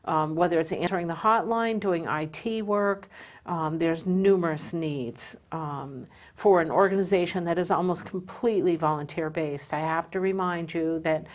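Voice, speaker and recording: Earnest woman host, lower pitch, lots of ums. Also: normal speed. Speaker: host of a community talk show. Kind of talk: hosting a live community show.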